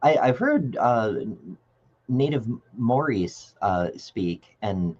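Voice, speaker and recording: A man's voice: medium pitch, animated, slow pace, darkish tone. Hesitant man on a dull mic. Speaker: debate review co-host. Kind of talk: casual chat.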